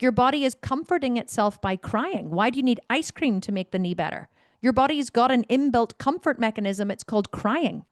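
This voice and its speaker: Woman fitness coach, rather high voice, dry close sound, blunt and emphatic, swears freely. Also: no echo. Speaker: fitness coach and podcast host. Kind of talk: solo Q&A podcast talk.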